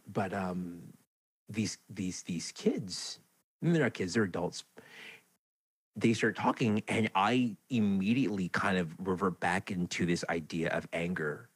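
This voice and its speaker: A man's voice: deep voice, measured pace, husky, no room sound. A man hosting a podcast, telling a candid, rambling, self-deprecating story about his life, recorded in his home basement. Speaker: podcast host. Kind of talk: personal storytelling monologue.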